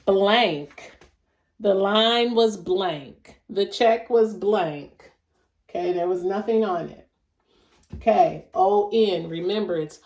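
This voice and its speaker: A woman teaching a phonics lesson, sounding out word chunks slowly and overemphasizing each sound. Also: lowish voice. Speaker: reading teacher. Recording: echoey room, voice a bit far from the mic.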